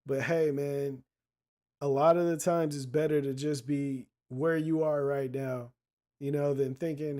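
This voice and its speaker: A man's voice: fairly high pitch, steady tone, measured pace, mellow. A man hosting a casual commentary show, talking bluntly with lots of swearing and street slang as he retells a story and gives advice. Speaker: podcast host.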